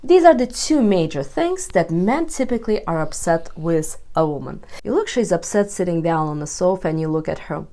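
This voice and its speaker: Woman, relationship coach, direct-to-camera advice, expressive, emphatic, fairly low voice. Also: moderate pace, hardly any pauses.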